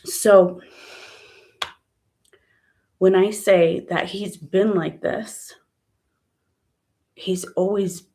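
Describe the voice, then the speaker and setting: Woman, casual storytime vlog; slow, halting delivery full of fillers and pauses, blunt and upset. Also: mid-range voice, steady tone, mellow. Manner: many fillers and trailing pauses. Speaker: mother telling her story.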